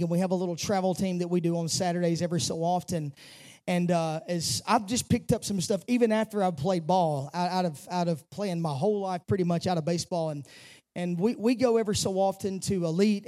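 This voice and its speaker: This pastor's voice sits high with a darkish tone as he preaches inside a church sanctuary. Key lines get a lift in volume and pitch, while casual, conversational asides break up the sermon.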